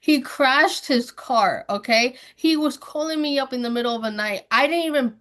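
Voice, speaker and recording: A woman's voice: sits high, moderate pace, fairly bright tone. A young woman hosting a podcast, telling a story in casual chat, slangy and swearing freely as she acts out what people said. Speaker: podcast host.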